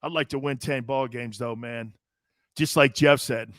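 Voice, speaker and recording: A man hosting a sports talk show, animated and joking as he talks. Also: medium pitch, unhurried, dry recording, studio quality. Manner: animated, joking, often laughing. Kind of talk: casual sports radio talk.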